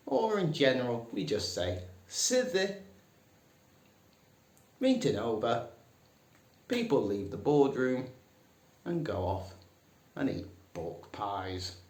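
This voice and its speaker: A man teaching a comic lesson, dry and mock-serious, putting on higher voices for the phrases he quotes. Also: a little mellow. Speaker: English teacher. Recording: echoey room.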